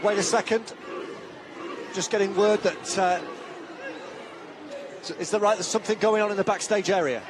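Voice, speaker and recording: A man commentating live on a wrestling show, delivering promotional hype in a brisk way. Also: high voice, fairly even intonation. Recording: noisy arena with crowd.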